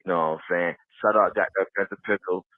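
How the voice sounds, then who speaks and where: Deep-voiced male caller, profane and rambling, tinny phone line. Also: steady tone, fast talker, dry recording. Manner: profane, rambling, fillers of "you know". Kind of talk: call-in rant.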